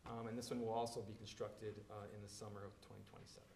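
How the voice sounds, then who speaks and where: A man's voice: fairly low pitch, level tone, quick pace, vocal fry, a little mellow, roomy sound, a little hiss or hum. A man presenting engineering plans at a public meeting, explaining in a loose, filler-heavy way.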